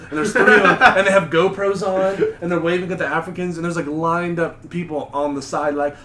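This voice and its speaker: A man telling rambling, animated stories on a casual podcast. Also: fairly high pitch, a little fast. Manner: rambling, animated storytelling with mocking put-on voices. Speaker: podcast host. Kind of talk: casual chat. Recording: echoey room with faint noise.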